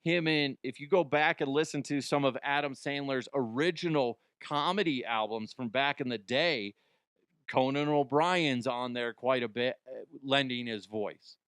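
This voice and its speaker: A man's voice: medium pitch, normal speed, a bit bright, clear, resonant tone, dry recording, clean studio sound. Jokey man rambling through comedy news. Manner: rambling, jokey, self-interrupting. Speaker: podcast host. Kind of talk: casual comedic commentary.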